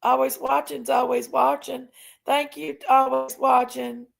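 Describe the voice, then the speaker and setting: A woman's voice: sits high, little pitch movement, unhurried, vocal fry. A woman chatting casually on a livestream, reading out viewer names and thanking members. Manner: reads out viewer names, thanks members, vents about her sister. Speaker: livestream host.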